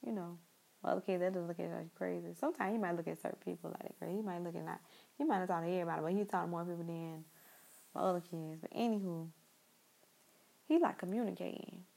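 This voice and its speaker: A woman's voice: lowish voice, fast talker, vocal fry, dark tone, low-quality recording. A young woman talking in a casual, rambling monologue, repeating herself and speaking straight to her listeners.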